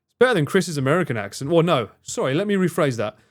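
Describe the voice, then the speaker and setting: With a slightly high voice full of big pitch swings, this man talks quickly on his live stream. He rambles casually, swears occasionally, and reads out and responds to messages from chat.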